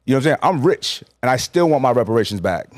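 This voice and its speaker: A man from New York, a guest on a podcast, speaking bluntly and emphatically in a casual chat, sometimes swearing and stressing each statement slowly. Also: mid-range voice, big pitch swings, dry recording.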